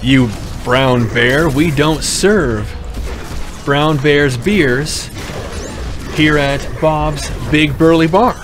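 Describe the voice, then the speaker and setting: A man voicing a calm, stubborn male bartender, drawing out his refusals, with music behind. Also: medium pitch. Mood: deadpan. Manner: calm, drawn-out, rhythmic refusals.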